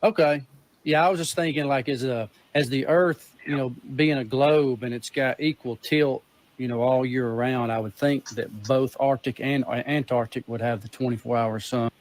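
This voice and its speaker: A man with an average pitch asks curious questions and talks them through aloud. His delivery is easygoing and conversational. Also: fairly even intonation, moderate pace.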